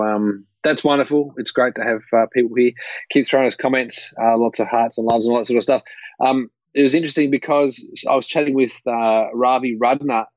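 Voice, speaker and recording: A man's voice: medium pitch, dry recording. A man co-hosting a podcast, upbeat and encouraging, often repeating his phrases. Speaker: podcast co-host. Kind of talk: casual chat. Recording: dry, muffled mic.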